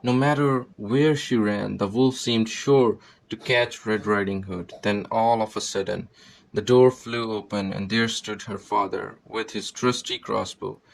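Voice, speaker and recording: A man reading a children's fairy tale aloud in a steady storybook manner. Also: on the low side, a little slow, vocal fry, slight background noise, poor audio. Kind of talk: scripted narration of a fairy tale.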